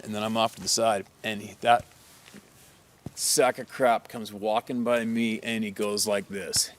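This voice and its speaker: A hunting guide tells a story in a low-pitched man's voice. He is blunt and swears freely. He pads his sentences with "and then, uh" as he goes. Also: level tone, a little slow, a little hiss or hum. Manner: blunt and profane, with many "and then, uh" fillers. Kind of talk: casual storytelling.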